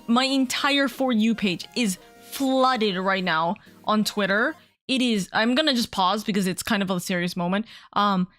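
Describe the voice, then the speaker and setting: A woman streaming from home as a VTuber, chatting casually in a rambling, excitable way and swearing freely. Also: a little high, no echo. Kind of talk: casual livestream chat.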